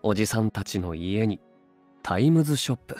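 An actor voicing an easygoing, protective young man who gently teases his girlfriend in a game's dub dialogue. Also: on the low side, lively intonation, very fast, soft background music, close to an everyday voice. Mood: tender. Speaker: game character voice. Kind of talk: Japanese dub game dialogue.

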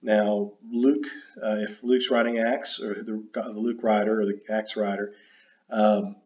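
A man giving an unscripted lecture, halting and full of fillers and self-corrections. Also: lowish voice, little pitch movement, a little mellow. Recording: dull roomy recording.

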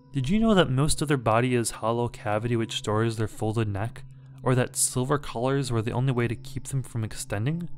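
A man reading a scary story aloud in a measured, dramatic way. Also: medium pitch, a little mellow. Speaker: horror story narrator. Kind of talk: scripted horror story narration.

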